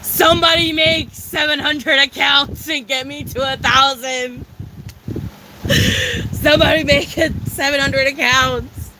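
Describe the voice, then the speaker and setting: A woman's voice: sits high, steady tone, measured pace, background noise. A young woman chatting live with viewers in a bubbly, profane way. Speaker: livestreamer. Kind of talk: casual live chat. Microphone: phone.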